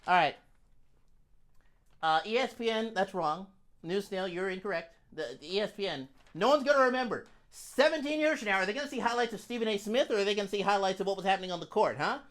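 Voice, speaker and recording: A man's voice: sits high, fast, a bit bright. A young man on a comedic sports debate panel, blunt and heckling in manner.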